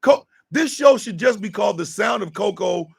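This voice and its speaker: A man hosts a casual live stream with a gravelly, husky voice. He sits high for a man and swoops all over his range as he scolds in theatrical mock outrage. He keeps landing on a drawn-out "sir.". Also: animated.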